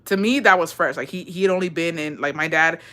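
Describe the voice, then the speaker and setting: A woman's voice: fairly low pitch, quick pace, bright, forceful tone. A young woman hosting a livestream tells a personal story in casual, rambling speech. She fills every phrase with "like", swears bluntly and laughs at herself. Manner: rambling, heavy on "like", blunt and profane; laughs at herself, self-described unserious. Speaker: livestream host.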